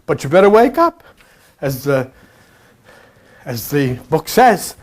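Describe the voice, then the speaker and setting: An impassioned preacher talks bluntly and repeats phrases for emphasis, mixing scripture with earthy slang. The voice sits at an ordinary middle pitch and drops to low murmurs before rising again into loud outbursts. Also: big pitch swings, slow, pauses often. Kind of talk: impassioned sermon.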